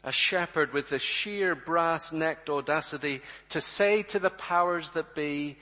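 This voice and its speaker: Male preacher, sermon delivery, measured pace, emphatic, long church reverb. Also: a little high, pushed and bright. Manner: emphatic, rhetorical questions, addresses congregation directly.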